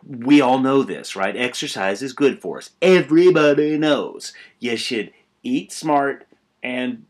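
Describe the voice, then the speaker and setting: An older man teaching a college writing class in a relaxed, conversational way, telling stories with many asides and restarts. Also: mid-range voice, a little slow. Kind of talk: informal recorded lecture.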